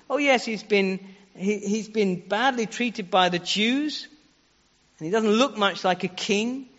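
High-voiced earnest male preacher. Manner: earnest, uses rhetorical questions, shifts pace for emphasis. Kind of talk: sermon. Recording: echoey hall, dull lo-fi sound.

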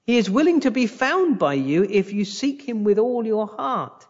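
A man preaching a sermon slowly and emphatically, with long pauses between phrases, recorded from a church live stream. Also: high-pitched, very animated, a little mellow. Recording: dull live-stream audio in a reverberant church.

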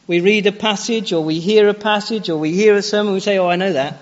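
A man's voice: sits high, fairly even intonation, a little fast. A man preaching a sermon in a church, challenging his listeners with direct questions. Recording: dull lo-fi recording with long church reverb.

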